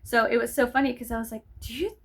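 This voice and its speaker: A woman's voice: fairly high pitch, level tone, rapid-fire, gravelly, fairly bright tone, rough recording. A woman in her thirties chatting casually in a vlog, rambling with lots of fillers and asides. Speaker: vlogger. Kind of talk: casual chat.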